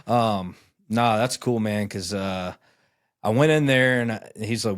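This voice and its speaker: A man's voice: on the low side, measured pace, no room sound, studio quality. A man in his thirties hosting a podcast, telling rambling stories in casual chat, acting out dialogue and swearing often. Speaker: podcast host.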